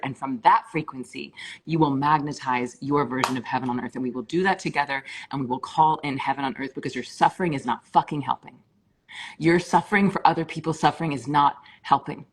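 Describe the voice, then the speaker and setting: A woman's voice: low voice, breathy edge. A middle-aged woman speaking fervently on a live stream as a meditation teacher, swearing for emphasis. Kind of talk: impassioned live-stream talk.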